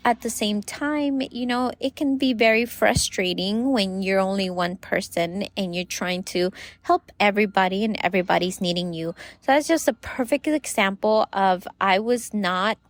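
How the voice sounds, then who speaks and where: Woman host in her thirties, casual advice podcast, chatty, lots of fillers, mid pitch. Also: moderate pace, no room sound. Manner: chatty, many "you know" fillers.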